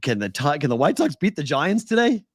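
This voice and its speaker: A man's voice: a little high, a little fast, no room sound, clean studio sound. A man hosting a casual sports betting show, rattling off odds and stats with incredulous energy. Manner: animated, incredulous, stat-heavy.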